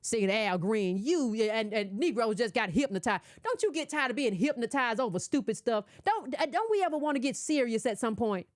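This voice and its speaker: Sassy scolding woman, high and lively. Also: brisk, hardly any pauses, dry recording, clean studio sound. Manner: sassy, scolding, rhetorical questions. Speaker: political commentator. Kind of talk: casual political monologue.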